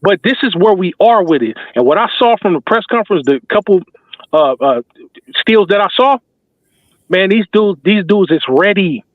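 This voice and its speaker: A man's voice: sits high, lively intonation, normal speed, no room sound. Fired-up man with a tinny, phone-line sound. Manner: emphatic, preacher-like, slangy and repetitive. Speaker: basketball talk show host. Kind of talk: passionate fan commentary.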